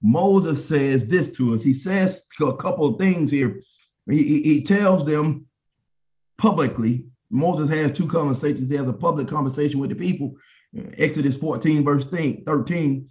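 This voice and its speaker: A man's voice: on the high side, moderate pace, a little mellow. A man preacher delivering a sermon in a passionate, repetitive, call-and-response manner.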